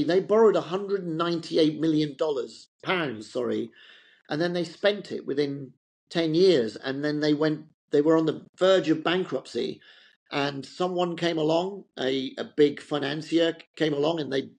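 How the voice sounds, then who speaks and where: In a casual anecdotal interview, a middle-aged fashion entrepreneur rambles chattily through his stories. His voice is fairly high and darkish in tone.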